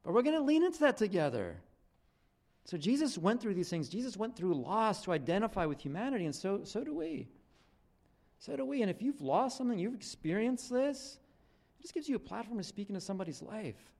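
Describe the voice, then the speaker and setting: A man's voice: high voice, big pitch swings, a little fast, gravelly, darkish tone. A young man preaching a casual, conversational sermon to his church, talking loosely with frequent restarts and fillers. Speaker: pastor.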